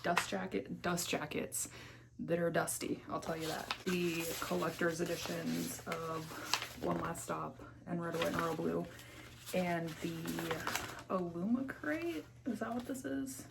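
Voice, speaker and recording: Chatty young woman with gravelly voice. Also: lowish voice, fairly even intonation, measured pace, background noise. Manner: chatty, candid, swears freely. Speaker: book vlogger. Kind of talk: casual bookshelf tour chat. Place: home room by her bookshelves. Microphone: camera on tripod.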